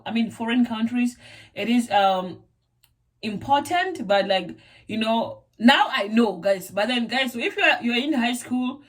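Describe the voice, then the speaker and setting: A young South African woman with a South African accent, chatting casually to camera in a rambling way, repeating words and using lots of fillers. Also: fairly high pitch. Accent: South African English. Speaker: vlogger.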